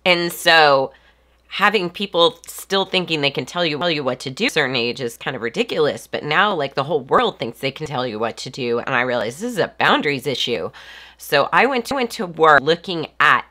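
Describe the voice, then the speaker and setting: A woman's voice: low-pitched, animated, a little fast, sharp tone. A woman in her forties with a stuffy, congested voice, hosting a live stream and talking in a casual, reflective way with lots of ums and restarts. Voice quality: nasal. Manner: hesitant, many ums and restarts.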